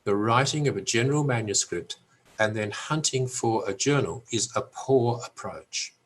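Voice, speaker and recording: Older man, Australian accent, academic lecture, measured and emphatic, dry humour. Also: medium pitch. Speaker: professor giving a webinar talk. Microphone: webinar recording.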